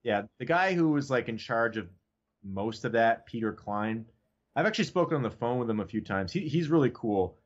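A man's voice: mid-range voice, expressive, a little fast, muffled recording. A man in casual podcast chat as a guest, talking loosely and profanely and leaning on "like" and "you know what I mean.".

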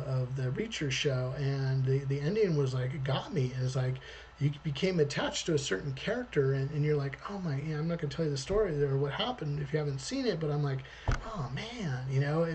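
A man's voice: on the high side, darkish tone, slight background noise. A man, a storyboard artist, giving a rambling, conversational livestream talk.

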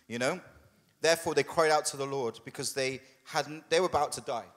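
A man preaching a sermon as a pastor, conversational and humorous, putting on quick voices for the people in his story. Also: a little high, fairly bright tone, big-room sound. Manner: conversational and humorous, with quoted asides. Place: church hall.

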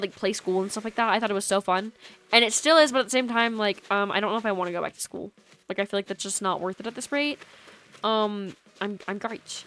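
A young woman rambles through casual stream chat in a medium voice, giggling often and filling gaps with "like" as she plays. She talks into a USB microphone at home, with soft lofi music underneath. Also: mid-range voice. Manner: chatty and giggly, lots of "like" fillers. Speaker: game streamer.

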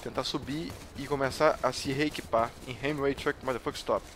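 A man from Brazil with a Brazilian accent, a gamer joking his way through gameplay commentary with playful teasing and sudden excited yelps. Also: medium pitch, quick pace, a little hiss or hum. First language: Portuguese. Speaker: gamer hosting a let's play channel.

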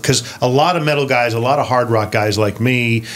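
A man hosting a podcast interview, chatty and enthusiastic, dropping quick interjections. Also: mid-range voice. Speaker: podcast host. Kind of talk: casual interview chat.

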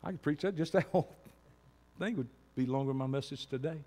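A man preaching a sermon as pastor, moving from quiet talk to shouting. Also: on the high side, quick pace, big-room sound.

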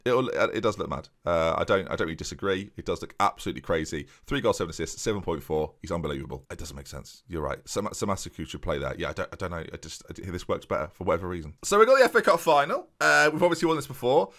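A young man chatting casually to his viewers while playing a football management game, breaking into excited match commentary. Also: deep voice, fast, hardly any pauses. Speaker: gaming YouTuber.

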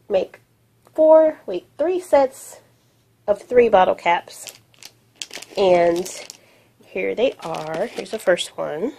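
A woman's voice: mid-range voice, warm tone, a little hiss or hum. A woman filming her craft projects on her phone, talking through each piece casually and thinking aloud with many fillers. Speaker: crafting vlogger. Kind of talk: casual show-and-tell narration. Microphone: phone camera.

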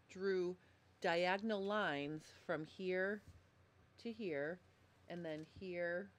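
A woman's voice: on the low side, a little hiss or hum. A woman giving a live-streamed sewing tutorial at a desk microphone, chatty and explaining step by step. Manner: chatty, apologetic about audio trouble. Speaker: sewing instructor.

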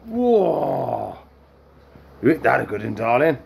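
A man's voice: medium pitch, very animated, takes it slowly, creaky, husky, phone-quality sound. A man hosting a reptile-feeding vlog, chatting away and coaxing the animals in a sing-song voice. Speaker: reptile keeper and channel host. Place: indoors among reptile tanks.

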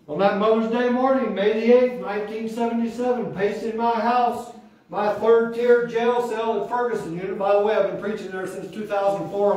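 A man's voice: sits high, darkish tone. A man in his sixties, a pastor, giving an emotional testimony sermon with fervent call-and-response. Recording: echoey hall from far off, faint noise.

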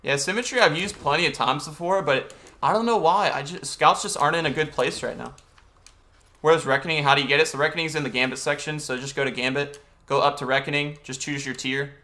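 A man's voice: a little high, fairly quick, bright, forceful tone. A young man streaming a video game, chatting casually and greeting viewers and answering chat as he plays.

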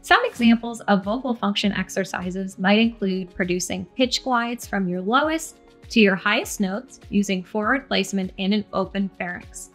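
A woman who is a speech-language pathologist, giving clear, scripted teaching narration and slowing down to demonstrate examples. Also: fairly bright tone, faint music behind. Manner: clear, deliberate, slows to demonstrate stress and pitch examples.

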